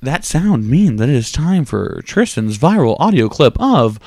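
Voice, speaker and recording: A man's voice: medium pitch, sing-song, unhurried. A man hosting a podcast, introducing segments with a playful announcer tone. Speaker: podcast host. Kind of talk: casual chat, announcing segments.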